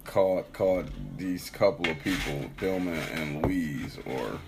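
A man's voice: low voice, unhurried, noisy background. A man co-hosting a podcast, chatting casually and loosely, swearing freely. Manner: laid-back, profane, laughs often. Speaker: co-host.

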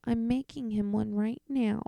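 A woman voicing a dramatic little boy who pleads in a high, theatrical voice. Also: steady tone, a little slow, gravelly, warm tone, no room sound. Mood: pleading.

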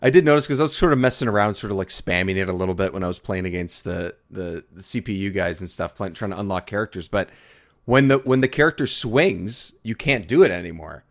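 A man's voice: low-pitched, quick pace, vocal fry. A man guesting on a gaming podcast, chatty and easygoing, laughing often. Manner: chatty, laughs easily, many restarts. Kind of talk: casual gaming chat.

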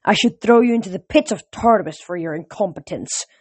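A reader voicing a booming brutal general. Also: fairly quick, slightly rough, dry recording, natural voice. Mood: threatening. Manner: booming, growling, contemptuous. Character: brutal, commanding giant general, male. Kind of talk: audiobook character voice.

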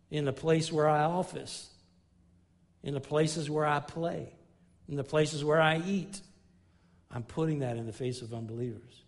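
In an earnest sermon, a middle-aged pastor piles up emphasis through phrases he repeats and restarts. His voice goes low whenever he tells a story.

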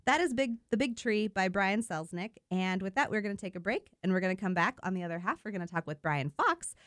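A woman's voice: mid-range voice, expressive, a little fast, dry recording. A woman co-hosting a local radio show, upbeat and chatty, laughing often as she leads a casual talk in a studio.

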